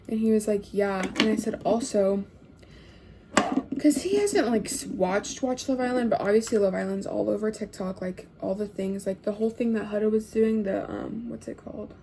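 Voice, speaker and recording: A young woman telling a casual storytime, chatty and full of fillers, often dropping to hushed tones. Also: mid-range voice, lively intonation, moderate pace, vocal fry, long pauses, noisy background.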